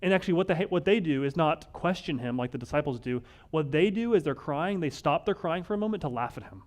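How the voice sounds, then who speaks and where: A male pastor giving a conversational sermon, wry and animated, often acting out the lines of the people in the story. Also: fairly high pitch, fast talker. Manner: conversational, wry, acts out quoted voices.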